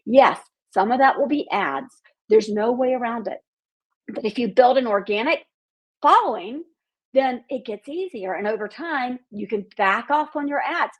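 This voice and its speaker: A woman's voice: on the high side, slightly rough. A woman hosting a marketing podcast, speaking bluntly with profanity and a fired-up, outspoken manner.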